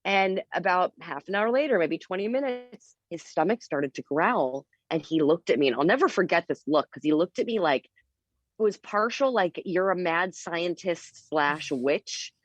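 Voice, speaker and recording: A woman guest on a podcast telling a story in a casual, animated way. She is candid and uses a lot of fillers. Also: fairly low pitch, normal speed, no echo, low-quality recording. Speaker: interview guest.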